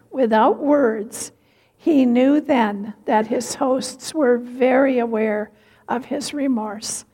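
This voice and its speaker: A woman giving a sermon, telling a story slowly and reflectively. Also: a little high, dark tone, husky. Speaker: preacher. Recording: reverberant hall.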